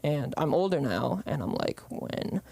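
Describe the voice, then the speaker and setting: A man's voice: on the high side, unhurried, a little mellow, clear, resonant tone, no room sound. A young man from the Bay Area doing open-mic stand-up, rambling with lots of ums and hesitations. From San Francisco Bay Area. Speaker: stand-up comedian.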